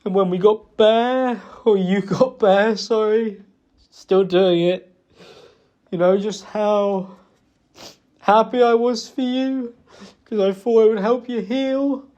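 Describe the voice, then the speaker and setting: Emotional man, high and muffled. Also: fairly even intonation, darkish tone. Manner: halting, self-reproachful, hesitant with many fillers. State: emotional, close to tears. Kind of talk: emotional personal apology. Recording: dull lo-fi recording.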